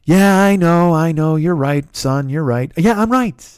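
Guy doing a stubborn old mom voice, brushes everything off, pitched up high, dry sound. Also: lively intonation, unhurried, a little mellow, clear, resonant tone, no room sound. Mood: dismissive. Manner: dismissive, offhand. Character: blunt stubborn elderly mother, brushing off worry.

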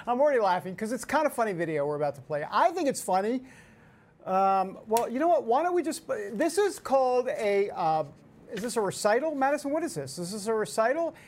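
A man's voice: very high voice, very animated, fairly quick, slight background noise. A man in his forties hosting a casual news chat show, joking, laughing often and wandering into asides. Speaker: show host.

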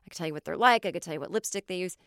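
An American woman hosting a podcast, telling comic stories in an animated way, swearing freely and acting out the people she quotes. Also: lowish voice, racing, smooth, dry recording, clean studio sound. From United States. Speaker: podcast host, comedian. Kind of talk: comic storytelling monologue.

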